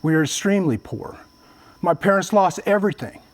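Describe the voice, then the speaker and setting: A man's voice: sits high, big pitch swings, fairly quick. Earnest man telling a personal story. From Vietnam. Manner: earnest storytelling, addresses audience as guys and man. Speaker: motivational speaker. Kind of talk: public speech.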